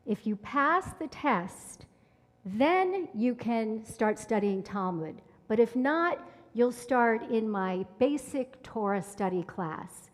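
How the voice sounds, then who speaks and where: Woman voicing an old rabbi, calm, patient, questioning, slow, long hall reverb. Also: fairly high pitch. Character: patient, wise older male rabbi.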